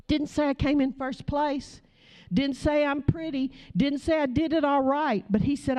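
A woman's voice: sits high, darkish tone, no echo. A middle-aged woman preaching a passionate sermon, telling a story and voicing the people in it. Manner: passionate, storytelling with quoted voices.

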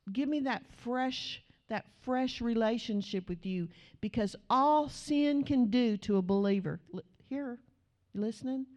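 Speaking directly to her congregation, a woman preaches a sermon and tells a family story in a chatty, animated manner. Her voice is mid-range, and the recording sounds muffled.

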